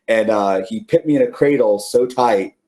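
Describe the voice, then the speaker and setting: Low-voiced man telling stories, rambling. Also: normal speed, dark tone. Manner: rambling, many fillers and restarts; laughs while telling stories. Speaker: interview guest. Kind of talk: casual storytelling.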